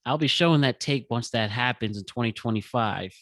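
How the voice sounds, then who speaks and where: Man, podcast host, calm, encouraging, dry sound. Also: mid-range voice, a little fast, no room sound. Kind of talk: casual interview chat.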